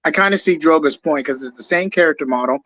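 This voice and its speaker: This man co-hosts a casual podcast and argues the finer points of story canon in an analytical way. His voice sits slightly high. It reaches the listener dry and dull, like low-grade call audio. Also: fast, pushed and bright, dry recording. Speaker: podcast co-host. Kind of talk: casual discussion of a comic-book film.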